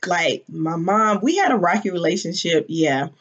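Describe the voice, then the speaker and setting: A woman's voice: on the low side, expressive, moderate pace. A woman in her forties telling a personal story candidly and emotionally, with casual swearing. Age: 40s. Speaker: business founder. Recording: dull lo-fi audio.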